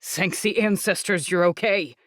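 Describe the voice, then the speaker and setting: Brief: a woman doing a young man, urgent and protective, audiobook read, slightly lower, dry sound. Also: normal speed, no echo, lightly acted. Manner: urgent, explaining.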